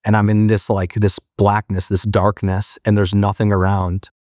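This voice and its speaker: A man's voice: fairly low pitch, flat delivery, moderate pace, a little mellow, dry recording, studio quality. A man giving an earnest, reflective personal testimony, telling his story with many "like" fillers. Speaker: church member giving testimony.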